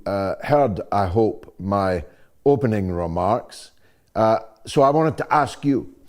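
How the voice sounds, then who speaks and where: A man's voice: lowish voice, mellow. An older man hosting a live-stream talk show, delivering promotions and an introduction in a fervent, oratorical, wry way. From Scotland. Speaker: show host.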